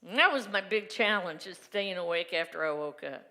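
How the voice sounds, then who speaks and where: In a church sanctuary with a reverberant sound, a woman minister gives a personal testimony sermon on a Sunday, frank and conversational, with frequent laughter. Her voice sits fairly low and is expressive, bright, and forceful, moving at a normal speed.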